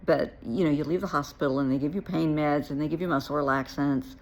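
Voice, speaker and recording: Low, gravelly, husky woman storyteller. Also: fairly even intonation, fast talker. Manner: frank and blunt, with dry asides. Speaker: therapist. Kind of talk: personal storytelling to camera.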